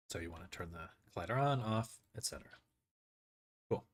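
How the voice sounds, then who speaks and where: A man giving a casual screen tutorial on building an avatar, thinking aloud and correcting himself as he works. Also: sits low. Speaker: avatar creator.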